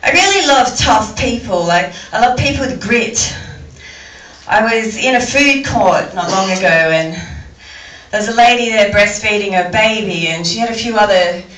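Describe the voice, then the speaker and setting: A woman's voice: medium pitch, lively intonation, normal speed, a bit bright, reverberant, distant mic, a little hiss or hum, low-quality recording. A woman with an Australian accent performing a stand-up comedy set, rambling and restarting her sentences often. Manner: rambling, stammering delivery with frequent restarts. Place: comedy venue with audience.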